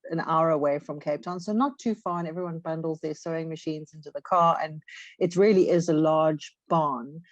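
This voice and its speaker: A woman's voice: low voice, moderate pace, no room sound, muffled recording. A woman co-hosting a podcast, chatting in a loose, rambling way full of fillers. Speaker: podcast co-host. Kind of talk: casual chat.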